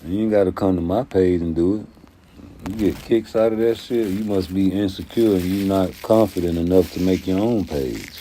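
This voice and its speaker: A man's voice: low voice, moderate pace, a little hiss or hum. A man hosting his own channel, talking in a profane, streetwise casual rant. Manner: profane, streetwise, animated storytelling. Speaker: YouTube commentary host.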